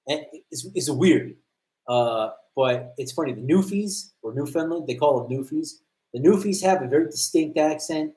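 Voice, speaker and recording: A man's voice: fairly high pitch, lively intonation, a little fast, warm tone. An American man hosting a livestream, chatting and telling stories in a blunt, profane way. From United States. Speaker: livestream host, combatives trainer. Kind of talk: casual livestream chat. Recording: roomy echo.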